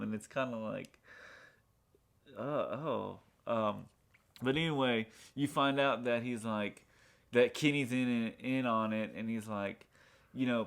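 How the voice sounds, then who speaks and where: Man, medium pitch, casual chat, rambling, lots of fillers, acts out quotes. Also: slow, gravelly, fairly bright tone, clean tone. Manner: rambling retelling full of fillers, acting out lines from the show. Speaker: podcast co-host reviewing a TV pilot.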